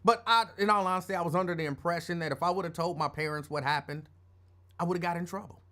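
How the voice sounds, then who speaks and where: This middle-aged man hosts a show and wanders through a personal anecdote, digressing freely in a relaxed, chatty manner. He talks quickly in a bright, pushed voice pitched on the high side.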